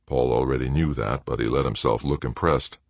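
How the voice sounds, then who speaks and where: A male narrator with an extremely deep voice, reading a novel in a measured and steady way. The recording is dry and close, with no room sound at all. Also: no room sound. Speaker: audiobook narrator. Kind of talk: scripted narration.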